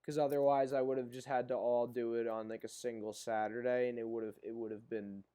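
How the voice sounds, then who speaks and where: A young man co-hosting a podcast from a video call, his pitch sitting right in the middle for a man. He rambles through stories in loose casual chat, swears freely and leans on fillers. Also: little pitch movement, normal speed, mellow. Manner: profane, rambling storyteller. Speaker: podcast co-host.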